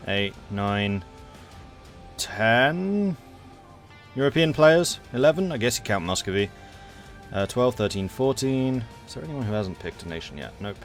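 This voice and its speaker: A man hosting and commentating a multiplayer strategy game stream in a chatty, enthusiastic way. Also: lowish voice. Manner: chatty, enthusiastic, laughs easily. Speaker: game match commentator and host.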